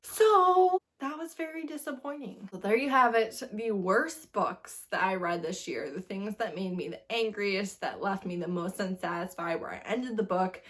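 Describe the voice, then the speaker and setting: A young woman reviewing books in a casual video, animated and exasperated, laughing as she rants. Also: medium pitch, moderate pace, few pauses. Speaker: book reviewer.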